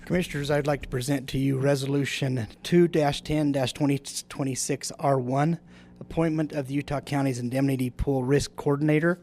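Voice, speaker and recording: A man's voice: mid-range voice, steady tone, a little fast, a little mellow. A man, the county clerk-auditor, presenting items at a public meeting in a plain, matter-of-fact way.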